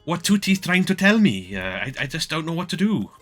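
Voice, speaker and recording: A man's voice: on the high side, very animated, a little fast, a bit bright, faint music behind, pitched above the performer's own voice. A man voicing an anxious, indecisive woman mayor with a Welsh accent, stammering and hesitant. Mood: fretful.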